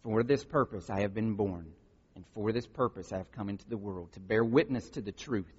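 Un homme calme et solennel devant ses juges, qu'un prédicateur lit à voix basse, ton grave et mesuré, voix un peu éraillée, dans une grande salle où le son traîne. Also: male voice, slightly rough. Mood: solemn. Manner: quiet, low, measured. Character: calm, solemn male teacher on trial. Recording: dull recording in large echoing hall.

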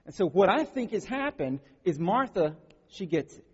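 A man with a slightly high, husky voice delivers a sermon. He keeps it conversational and often checks in with his listeners. The sound is dull and lo-fi, with a long reverb trailing off the walls. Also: big pitch swings, normal speed. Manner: conversational preaching with frequent check-ins like "right?" and "okay?". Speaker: pastor.

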